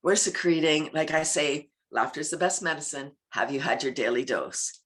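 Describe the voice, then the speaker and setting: A woman, a laughter yoga teacher, talking as an interview guest in an animated way, laughing often and making playful sound effects. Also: low-pitched, normal speed.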